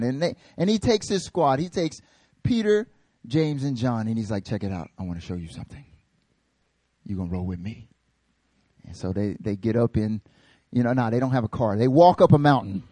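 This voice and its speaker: A man preaching a casual, joking sermon in an animated, slangy way. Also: fairly high pitch, no echo.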